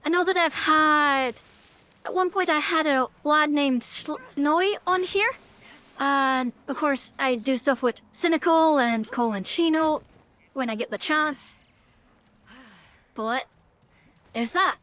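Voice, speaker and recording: A woman's voice: high-pitched, takes it slowly, pauses often, sharp tone. A woman with a Northern Irish accent, chatting and swearing casually while streaming a game live. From Northern Ireland. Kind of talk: live gameplay commentary.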